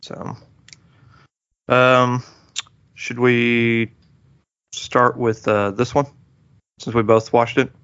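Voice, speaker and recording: This podcast host reviews a movie in a relaxed, rambling chat full of fillers and restarts. His medium-pitched voice is clean in tone, extremely slow, and paused often. The recording is dull, lo-fi, and dry.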